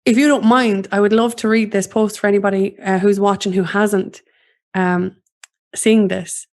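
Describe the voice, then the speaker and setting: A woman hosting an interview, her voice held flat and level with little rise or fall. She speaks in a steady, measured way, pausing on fillers as she reads and responds. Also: medium pitch. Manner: steady, even delivery with frequent "um" fillers. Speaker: host. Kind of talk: interview, reading a post aloud.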